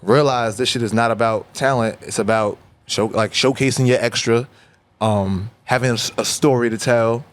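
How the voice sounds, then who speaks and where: Animated New man telling stories. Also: mid-range voice, normal speed. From New York. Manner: animated storyteller who acts out dialogue. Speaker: rapper guest. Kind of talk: casual interview storytelling.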